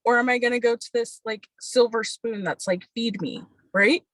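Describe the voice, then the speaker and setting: A woman's voice: fairly high pitch, steady tone, moderate pace, no room sound, low-quality recording. Chatty woman giving advice, dry sound. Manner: chatty, casual. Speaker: guest on a team video call. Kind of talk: casual advice. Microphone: video call.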